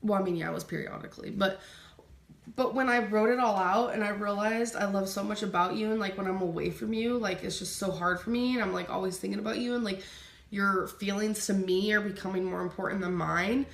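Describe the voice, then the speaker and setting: A woman with a gravelly, creaky edge to her voice, chatting casually as she reads out viewer questions. The sound is roomy, with a noticeable echo around her. She talks loosely and laughs easily. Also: medium pitch, steady tone, a little fast. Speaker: YouTuber answering viewer questions. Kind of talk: casual chat. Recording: echoey room.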